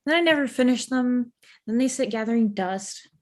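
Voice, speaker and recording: A woman player chatting casually during a tabletop game, playful and quick to joke about herself. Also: fairly high pitch. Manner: playful, laughing, self-deprecating asides.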